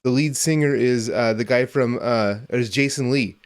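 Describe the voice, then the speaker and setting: A man's voice: mid-range voice, moderate pace, clear, resonant tone. A man in his fifties hosting a podcast, telling long rambling stories in casual chat and swearing now and then. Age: 50s. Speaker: podcast host.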